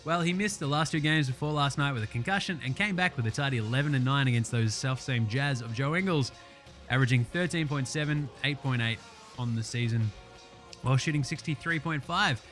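A man's voice: mid-range voice, fairly quick, fairly bright tone, faint music behind. A young Australian man hosting a casual basketball podcast, rattling off stats with jokes, swearing and lots of fillers. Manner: profane, jokey and enthusiastic, with many fillers. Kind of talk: casual sports recap podcast.

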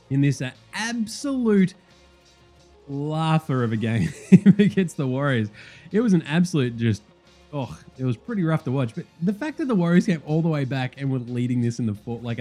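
Animated, sweary host, lively pitch, light music bed. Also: male voice. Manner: animated, profane, fast rambling. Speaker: podcast host. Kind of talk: casual sports chat.

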